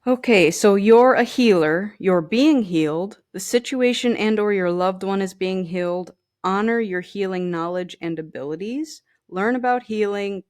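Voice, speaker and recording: A woman giving a casual tarot and oracle card reading. She reads the card texts aloud and talks straight to the viewer with chatty asides. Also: lowish voice. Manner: chatty, addresses viewers directly with "you know" asides.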